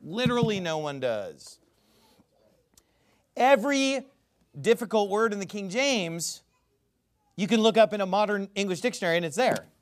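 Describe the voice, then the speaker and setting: A man's voice: high voice, expressive, moderate pace, pauses often. A man giving a ranting commentary, emphatic and sarcastic, who often stammers and restarts his sentences. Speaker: religious commentator.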